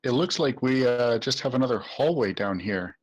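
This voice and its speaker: A man's voice: medium pitch, expressive, moderate pace, muffled recording. A man playing a tabletop game, speaking casually and with some hesitation. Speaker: player.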